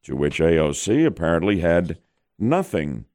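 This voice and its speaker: A middle-aged man hosts a radio morning show from a studio, speaking into a studio microphone. His low, darkish voice swings widely in pitch at a moderate pace as he mixes wry, self-mocking banter with news reading.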